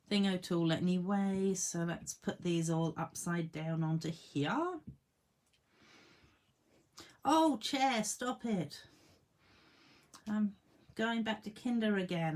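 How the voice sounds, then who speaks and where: A woman's voice: fairly low pitch, darkish tone. A woman demonstrating card making in a casual tutorial at her home craft desk, chatting to herself and her tools and laughing at her own jokes.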